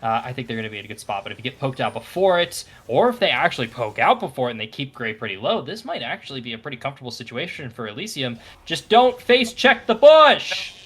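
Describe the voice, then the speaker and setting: A man giving relaxed, analytical commentary on a live esports match, thinking aloud with frequent fillers and restarts. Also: mid-range voice, very fast, few pauses, slightly rough. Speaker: esports caster. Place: broadcast booth.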